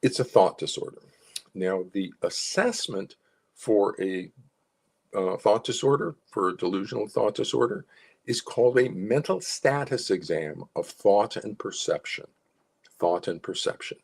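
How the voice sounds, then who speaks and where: A man's voice: lowish voice, lively intonation, unhurried, creaky, husky. A man, a psychologist consultant, gives clients informal advice and coaching, explaining step by step and repeating key phrases.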